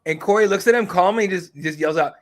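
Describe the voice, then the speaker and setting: Rambling, slightly high-voiced man chatting. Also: fast talker. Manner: rambling storyteller, swears, many fillers. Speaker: MMA reporter, guest. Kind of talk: casual podcast chat.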